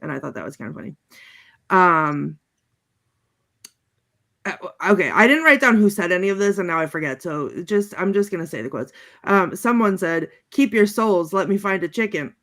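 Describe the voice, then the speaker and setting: A woman's voice: lowish voice, very animated, normal speed, long pauses, fairly bright tone. A woman on a podcast panel, chatting casually over a video call and recapping movie quotes in a rambling, giggly way, full of fillers and restarts.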